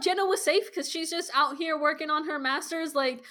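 Woman, high voice, bright tone, casual recap chat, animated, swearing. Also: normal speed. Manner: animated, swears often, acts out scenes. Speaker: podcast co-host.

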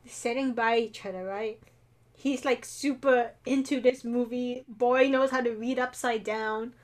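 A woman's voice: on the high side, fairly even intonation, a little slow. A young woman co-hosting a podcast, chatting in a bubbly, giggly way with lots of fillers. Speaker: podcast co-host. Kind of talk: casual chat.

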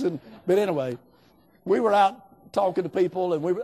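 A man's voice: a little high, steady tone, quick pace, warm tone. Folksy preacher, older man. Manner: folksy, conversational, acts out quoted voices. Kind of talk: sermon with storytelling.

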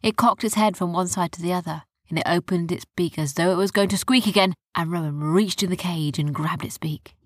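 Husky-voiced woman telling a bedtime story. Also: lowish voice, a little fast, hardly any pauses, dry recording, clean studio sound. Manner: soft, often dropping to a whisper. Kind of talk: children's bedtime story narration.

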